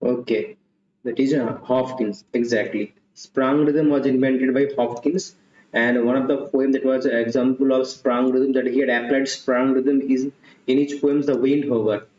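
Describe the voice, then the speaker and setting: A man's voice: medium pitch, steady tone, measured pace, darkish tone. A man teaching an online exam-prep literature class, repeating questions and options with Hindi asides. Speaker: English literature tutor. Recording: dull, roomy lo-fi sound.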